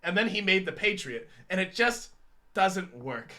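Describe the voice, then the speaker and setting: A man's voice: high-pitched, very animated, measured pace, pushed and bright. A man in his thirties co-hosting a casual chat show, rambling and joking with frequent laughs. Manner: rambling, jokey, laughs often. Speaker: podcast co-host.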